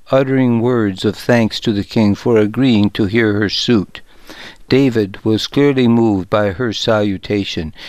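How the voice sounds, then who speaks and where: A man narrating a story in the first person, calm and measured. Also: on the low side, dry recording. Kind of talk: audiobook narration.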